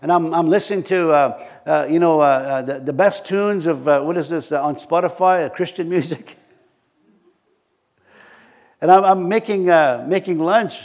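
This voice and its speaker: Halting, folksy preacher man with a high voice. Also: a little mellow. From reservation community. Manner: halting, many restarts and fillers; folksy, chuckling asides. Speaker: pastor. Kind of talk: sermon.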